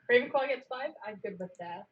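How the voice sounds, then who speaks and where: A woman playing a tabletop game with friends, teasing and giggling, on a lo-fi mic. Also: a little high. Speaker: player. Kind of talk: casual tabletop game chat.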